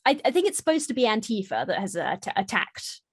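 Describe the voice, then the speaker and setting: A woman's voice: a little high, fast, husky, no room sound, clean studio sound. A woman co-hosting a casual book review chat, retelling scenes with frequent laughter. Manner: laughs often, animated retelling.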